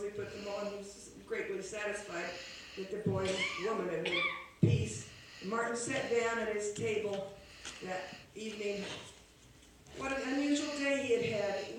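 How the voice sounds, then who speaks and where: A woman retelling a classic tale aloud in an unhurried, homespun way, recorded in an echoey room from a distance. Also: mid-range voice, noisy background. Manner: unhurried, homespun, with small restarts. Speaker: storyteller. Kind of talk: oral storytelling of a classic tale. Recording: echoey room from far off, faint ambience.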